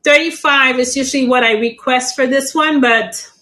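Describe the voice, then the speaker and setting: A woman's voice: high voice, moderate pace, bright, forceful tone, low-quality recording. A middle-aged woman hosting a live plant sale stream, chatty and laughing often.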